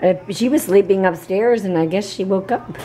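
A woman's voice: mid-range voice, normal speed, background noise. A young woman narrating a family vlog outdoors at a backyard pool, chatting to viewers with lots of "like" fillers. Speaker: family vlogger.

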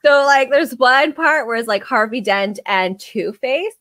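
A woman's voice: sits high, animated, measured pace, a bit bright, no room sound. A woman co-hosting a podcast in casual chat. She swears freely, laughs often and acts out quotes from shows. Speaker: podcast co-host.

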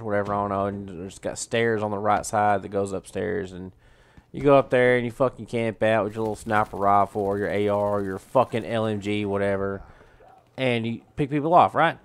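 A male gaming channel host giving a profane, ranting, exasperated gameplay commentary. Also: lowish voice.

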